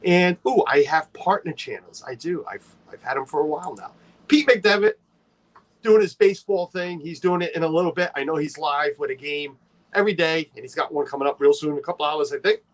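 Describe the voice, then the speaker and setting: Guy hosting a chill livestream, kinda high voice, chatty, shouting out viewers by name. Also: lively intonation, a little fast. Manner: chatty, greets viewers by name, playful teasing. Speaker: livestream host. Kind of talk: casual livestream chat.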